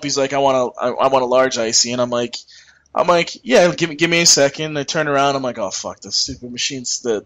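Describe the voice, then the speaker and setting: A man's voice: mid-range voice, fairly bright tone, poor audio. A young man co-hosting a podcast, telling a rambling, profane work story and acting out the people in it. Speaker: podcast co-host.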